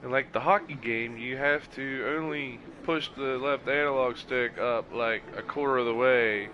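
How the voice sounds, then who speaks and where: A man chatting casually while gaming, swearing often and telling animated stories. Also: medium pitch, normal speed, lo-fi sound, a little hiss or hum. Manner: profane, animated storytelling.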